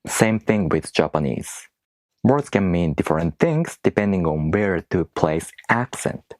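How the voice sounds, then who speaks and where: A man teaching in English, which is not his first language. His voice is low and swings widely in pitch as he asks rhetorical questions and slowly sounds out syllables. The sound is dry and close. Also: expressive, a little mellow, no echo. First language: non-English speaker. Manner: rhetorical questions, slow careful demonstrations of stress. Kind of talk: explanatory video lesson.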